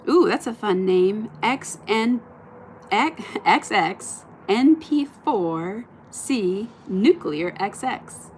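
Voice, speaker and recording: A woman live streaming outdoors at night into a phone on a stand, chatting in a bubbly way and often dropping to a soft murmur. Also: medium pitch, lively intonation, very slow, a little hiss or hum. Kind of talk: casual live stream chat. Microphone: phone camera on a stand.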